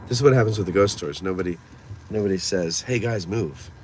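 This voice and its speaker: Brisk and low-pitched, a man live streams from his car while driving in town, reading viewers' comments aloud and answering them casually. The moving car and the street traffic are clearly audible behind him.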